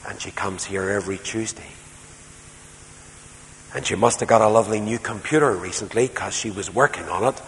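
A man preaching a sermon as a storyteller, moving between soft, quiet passages and loud, emphatic ones. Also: lowish voice. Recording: reverberant hall, faint background noise.

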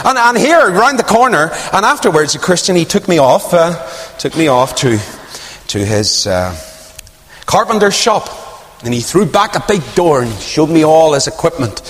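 Lively male preacher, slightly high voice, long reverb. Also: normal speed. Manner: storytelling, swoops high for emphasis, hushes low for asides. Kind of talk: sermon.

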